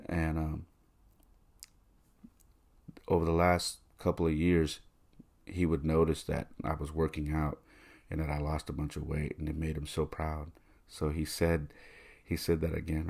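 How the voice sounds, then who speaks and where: Very deep, gravelly man telling a story. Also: level tone, normal speed, pauses often, a little mellow. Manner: tender, confiding storytelling. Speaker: podcast host. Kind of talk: personal reflective monologue.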